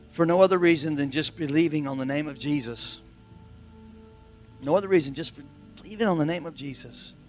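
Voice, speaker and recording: Emphatic, higher-voiced man preaching. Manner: emphatic repetition with swings from hushed to loud. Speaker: pastor. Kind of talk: sermon.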